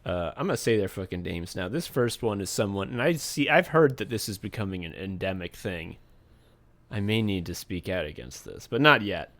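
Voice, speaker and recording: A man's voice: deep voice, animated, moderate pace, fairly bright tone. Man deadpanning absurd bits on a podcast. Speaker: podcast co-host. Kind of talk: casual comedic chat.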